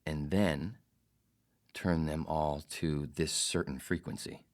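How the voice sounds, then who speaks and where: Deep-voiced man, podcast host, swears a lot, rambles through a funny story. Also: steady tone, takes it slowly. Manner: profane, rambling, jokey. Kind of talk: casual storytelling monologue.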